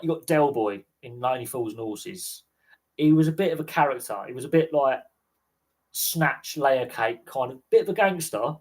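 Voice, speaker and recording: A man's voice: medium pitch, slightly rough, rough recording. Rambling man telling stories. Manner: rambling storyteller, laughs often. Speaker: sports channel host. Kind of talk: casual livestream chat.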